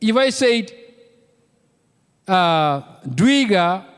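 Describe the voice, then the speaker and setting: A man's voice: high voice, very animated, a little slow, long reverb tail. A man with a Kenyan accent preaching a sermon as pastor, emphatic and repeating key words for weight. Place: church.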